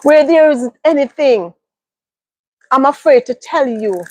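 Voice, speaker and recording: A woman with a high voice talks straight to her viewers in a casual monologue. She hammers home her points by repeating them. The sound is dry and close, with no room around it. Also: measured pace, no echo. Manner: emphatic, repeats phrases for stress. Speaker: livestream host.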